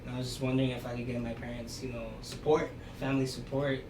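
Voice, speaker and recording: A man's voice: mid-range voice, quick pace. A young man, a podcast guest, telling stories casually and loosely, with lots of "you know" and "like". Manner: relaxed storytelling, many fillers like "you know" and "like". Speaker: podcast guest, aspiring musician. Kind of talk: casual conversation. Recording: echoey room, distant mic, background noise.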